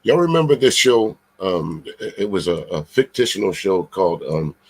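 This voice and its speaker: Husky man, rambling commentary. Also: low-pitched, animated, normal speed. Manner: rambling, stumbles and searches for words. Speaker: host. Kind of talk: casual commentary.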